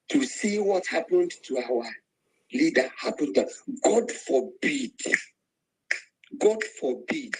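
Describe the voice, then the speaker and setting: A man's voice: mid-range voice, darkish tone, slight background noise, low-quality recording. A man with a Nigerian Igbo accent giving an angry, emotional speech to an online voice room, calling out to listeners. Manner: emotional, angry, preaching, rising to cries. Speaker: speaker in an online activist voice room.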